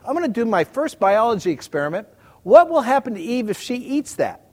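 A man's voice: very high voice, sing-song, fairly quick, exaggerated voice. A preacher voicing a bemused, idly curious man musing aloud in an offhand way. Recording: echoey hall reverb.

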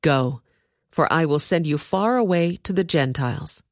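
Woman reader giving a solemn, firm divine voice, low and dry. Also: animated, moderate pace, no room sound. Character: calm commanding male divine voice.

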